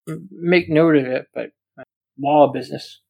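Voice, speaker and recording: A man's voice: a little high, steady tone, a little slow, vocal fry, a little mellow, slightly rough, dry recording. A man playing in a tabletop game who speaks briefly and matter-of-factly. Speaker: player.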